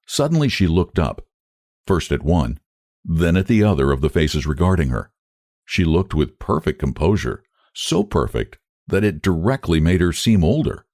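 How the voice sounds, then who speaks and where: A man reading a classic short story aloud in a measured, expressive narrating voice. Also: low-pitched, no echo, studio quality.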